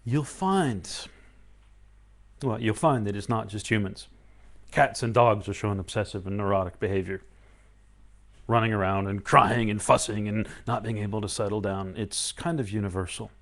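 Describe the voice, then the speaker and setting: A man giving a live-streamed spiritual talk, acting out inner voices with sudden high yelps between calm stretches of explaining. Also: moderate pace. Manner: shifts between loud outbursts and quiet calm explaining. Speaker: spiritual teacher.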